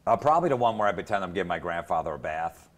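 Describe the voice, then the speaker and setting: A man, a comedian guest on a TV talk show, telling his stories in a rapid run of anecdotes. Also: deep voice, lively intonation, background noise. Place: TV studio.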